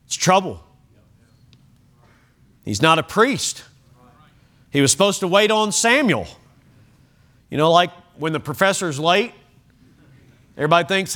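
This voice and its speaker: A middle-aged pastor from the United States preaching in a church, reading scripture and adding lively, chuckling asides. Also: male voice, fairly high pitch, measured pace, pauses often. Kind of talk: sermon. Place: church sanctuary.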